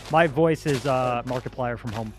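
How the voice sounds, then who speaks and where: A man's voice: mid-range voice, normal speed, soft background music. A man streaming a block-building game and chatting casually with friends, teasing them and greeting his viewers. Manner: teasing, greets chat viewers between remarks. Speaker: Minecraft streamer and host. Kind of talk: casual gaming chat while streaming.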